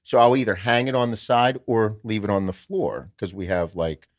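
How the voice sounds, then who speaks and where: Man, podcast co-host, casual chat, profane, joking, lowish voice, dry sound. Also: normal speed, dry recording.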